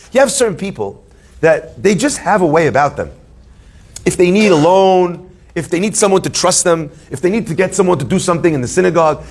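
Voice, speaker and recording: A man playing a rabbi teaching a live class, higher voice, lively and joking. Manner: animated, joking storyteller who asks questions. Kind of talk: Torah class before a live audience.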